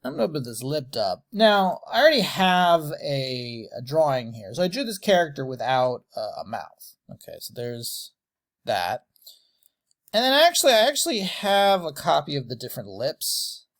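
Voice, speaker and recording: A man teaching animation lip sync, slowly and deliberately sounding out letters and words with exaggerated mouth shapes. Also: fairly high pitch, very animated, fairly bright tone. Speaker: animation tutor. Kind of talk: tutorial, demonstrating mouth shapes on camera.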